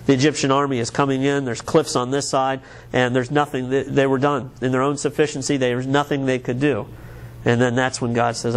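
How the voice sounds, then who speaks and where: An American pastor delivers a sermon at a mid-range pitch. He talks earnestly and conversationally, circling back and restarting phrases as he goes. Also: level tone, brisk. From United States.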